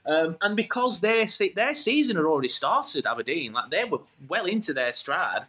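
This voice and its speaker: A man's voice: a little high, normal speed, husky. Chatty man telling stories. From England. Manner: animated, rambling, self-interrupting. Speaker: podcast guest. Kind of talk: casual storytelling chat.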